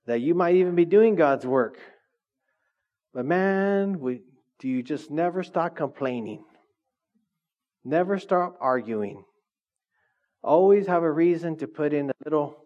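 A man preaching a conversational sermon, animated and chatty, often laughing and asking the congregation questions. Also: a little high, dull audio. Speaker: pastor.

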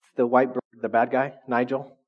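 Casual pastor, mid-pitched man, chatty sermon delivery, dull lo-fi recording. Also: level tone, a little fast. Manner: conversational, frequent "right?" tags.

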